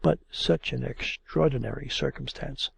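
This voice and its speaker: A man's voice: mid-range voice, moderate pace, creaky, husky, exaggerated voice. A man voicing a timid yet capricious young woman in an audiobook, pleading and coaxing. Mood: polite. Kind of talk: audiobook character reading.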